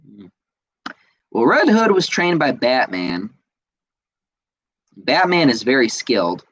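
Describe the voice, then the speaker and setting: A man's voice: medium pitch, huge pitch swings, takes it slowly, a bit bright, rough recording. A man from the United States hosting a solo podcast, ranting angrily and swearing, repeating himself with frequent fillers. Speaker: podcast host. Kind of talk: casual solo podcast rant.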